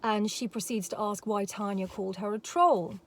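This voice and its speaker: A woman's voice: mid-range voice, normal speed, slight background noise. Rambling woman, emphatic repetitions. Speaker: commentary vlogger. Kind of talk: casual commentary.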